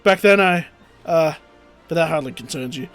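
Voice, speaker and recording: A man's voice: on the high side, moderate pace, a bit bright, smooth, soft background music, lightly acted. A man doing a roguish old gladiator. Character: roguish charming older male ex-gladiator explorer.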